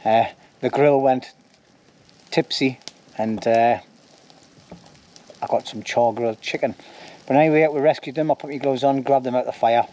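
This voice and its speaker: A man with a steady, mid-range, somewhat mellow voice narrates a bushcraft camping vlog beside a campfire in the woods. He talks at normal speed, pausing often, chatty and joking, saying "anyway" and "like" a lot.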